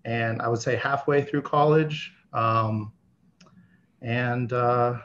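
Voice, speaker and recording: A man in his thirties who stutters, talking casually as an interview guest, with many pauses and fillers. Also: medium pitch, flat delivery, a bit bright. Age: 30s. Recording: slightly dull audio with faint background hiss.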